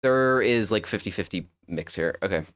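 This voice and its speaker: A man's voice: lowish voice, animated, normal speed, fairly bright tone. A young man commentating a fighting game on a live stream, thinking aloud in a rambling, self-correcting way.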